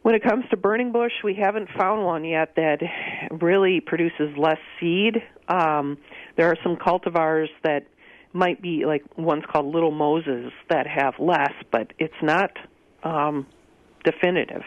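On a call-in radio show heard through muffled broadcast audio, a man answers gardening questions. His voice is on the high side and unhurried, with no echo, and he sounds hesitant, full of ums and dry asides.

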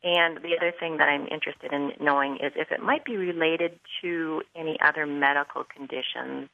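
Gravelly-voiced middle-aged woman on a phone line. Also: low voice, fairly even intonation, moderate pace, no room sound. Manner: concerned, explains in detail with many ums. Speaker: caller.

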